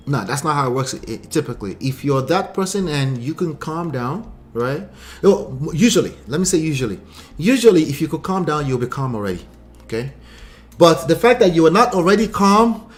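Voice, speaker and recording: A man's voice: fairly high pitch, expressive, moderate pace. A man hosting a relationship livestream, reading viewer comments and answering with emphatic, repeated points and rhetorical questions. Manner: laughs often, mocks quoted lines in put-on voices. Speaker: relationship coach and channel host.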